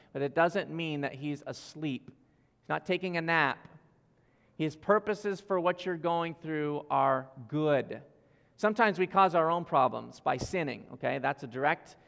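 A pastor delivers a sermon, speaking earnestly and directly to his congregation and swinging between loud emphasis and soft asides. His voice is on the high side and creaky, and a long hall reverb fills the recording.

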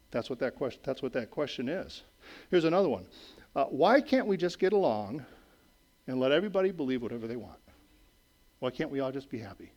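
A middle-aged man preaching a sermon in a conversational way, checking in with "okay?" and "right?" and moving between raised emphatic lines and quiet low asides. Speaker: pastor.

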